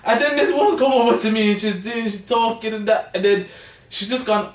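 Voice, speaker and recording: A man's voice: high voice, a little fast, hardly any pauses. A man, telling a story in casual podcast chat full of slang. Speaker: podcast co-host. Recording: echoey room, far from mic.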